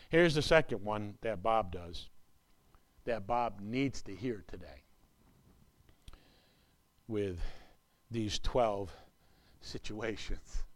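A man preaching a sermon in an earnest, repetitive way, swinging between loud urgent lines and hushed asides. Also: on the low side. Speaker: pastor.

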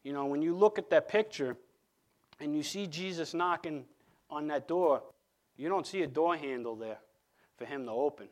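A man from Long Island, giving an earnest personal faith testimony and often stumbling and repeating words as he speaks. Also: medium pitch. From Long Island, New York.

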